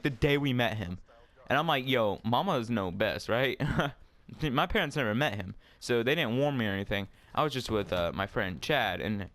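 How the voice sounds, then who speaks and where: A man's voice: mid-range voice, a bit bright. A young man casually telling a rambling story, full of fillers and swearing, while playing a game at home. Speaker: storyteller vlogger.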